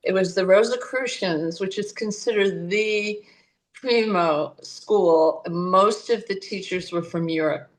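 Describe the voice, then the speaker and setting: Older woman, astrologer guest on a podcast, lively storyteller who voices her characters. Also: mid-range voice, takes it slowly. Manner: animated, acts out voices in her stories. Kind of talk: conversational storytelling.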